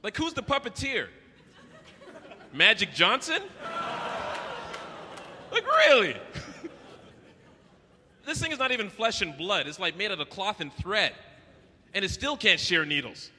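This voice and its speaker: A Canadian comedian performs brash, profane stand-up live, putting on voices, his pitch sitting high and his tone pushed and bright. He's expressive but a little slow, with long pauses, while chatter and faint noise fill the echoey hall.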